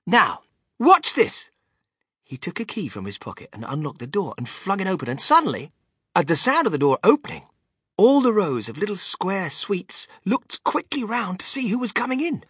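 An audiobook narrator reads a children's story with animated, expressive delivery. The voice is husky and swoops in pitch. It is recorded dry and close. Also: a little fast, no echo.

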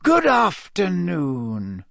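A man's voice: fairly high pitch, sing-song, fairly bright tone, breathy edge, dry recording, clean studio sound, voice pushed up, full character voice. Dumbledore, a serene kindly old headmaster, as a man voices him. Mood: pleasant. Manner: pleasant, slow and measured.

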